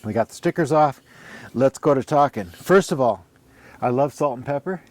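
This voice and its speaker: A man's voice: medium pitch, lively intonation, moderate pace, noisy background. A middle-aged man talking casually as he examines an ax handle, rambling and thinking aloud as he counts and points things out. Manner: rambling, talks to himself while counting and examining. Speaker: ax handle reviewer. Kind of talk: casual workshop show-and-tell.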